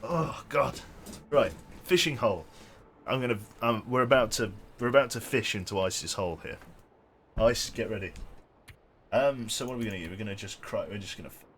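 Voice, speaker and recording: A man's voice: on the low side, moderate pace, fairly bright tone, a little hiss or hum. A man streaming a survival game, chatting casually in a rambling, sweary, self-amused way into a desk mic. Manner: rambling, sweary, joking to himself. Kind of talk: casual gameplay commentary.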